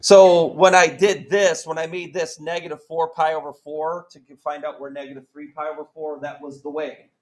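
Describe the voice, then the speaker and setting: A man's voice: a little high, little pitch movement, normal speed, hardly any pauses, rough recording. A man teaching a math class, joking around and quizzing students with countdowns. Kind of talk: classroom lesson.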